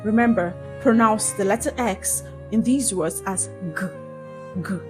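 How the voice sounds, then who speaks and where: A woman teaching a pronunciation lesson, correcting common mistakes and repeating each word slowly for practice. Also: mid-range voice, rough recording. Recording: faint background music.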